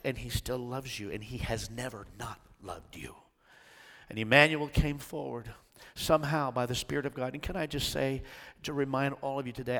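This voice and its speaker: A male pastor delivers a sermon with a bright, forceful tone. He drops low and quiet, then swells to loud, ringing peaks. His voice trails off into the long reverb of a church sanctuary. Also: creaky. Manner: storytelling preacher, swells from soft to shouting.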